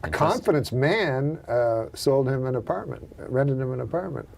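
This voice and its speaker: A man's voice: mid-range voice, expressive, moderate pace, vocal fry, background noise. A man chatting about the old days in a dry, matter-of-fact way. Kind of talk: casual reminiscing chat.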